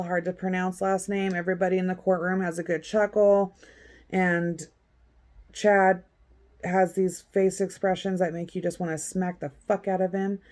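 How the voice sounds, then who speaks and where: A woman vlogger giving a blunt, profane, sarcastic recap in casual chat. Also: medium pitch. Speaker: vlogger recapping a court hearing.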